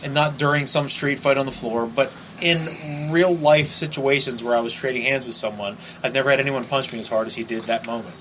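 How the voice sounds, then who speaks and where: A man co-hosting a podcast, telling a story from a wrestling match in an earnest, relaxed way. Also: medium pitch, fairly quick, hardly any pauses, a little hiss or hum, poor audio. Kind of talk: casual storytelling chat.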